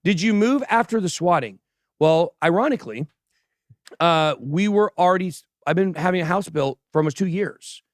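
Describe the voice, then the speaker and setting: A man with a drawl talks on a livestream, his voice sitting a touch high for a man. He jokes, brags and banters between news items in a loose, casual way. The sound is dry and close, with no room echo. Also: lively intonation, normal speed. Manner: joking, boastful banter with crew and chat. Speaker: host of a crypto news livestream.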